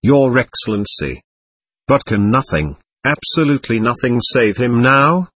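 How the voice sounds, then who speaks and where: A man reading an audiobook, voicing a poor, terror-stricken army captain who begs and falters in a hushed voice. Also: mid-range voice, expressive, unhurried, slightly rough, no echo. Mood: pleading. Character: terrified pleading poor old army captain. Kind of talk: audiobook character voice.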